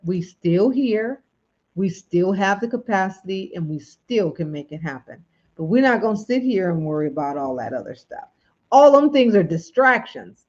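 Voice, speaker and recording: A woman's voice: medium pitch, darkish tone, highs cut off. A woman hosting a livestream, chatting casually and encouraging viewers, often repeating phrases. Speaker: livestream host and coach. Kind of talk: casual motivational livestream chat.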